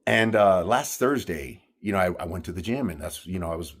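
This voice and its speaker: A man telling a personal story in an earnest, halting way, with many restarts and fillers. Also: sits low, animated, breathy edge.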